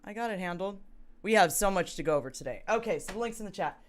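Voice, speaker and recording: A woman's voice: medium pitch, lively intonation, fast. A woman hosting a live stream, chatting casually and reading news items. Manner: chatty, emphatic. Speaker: host.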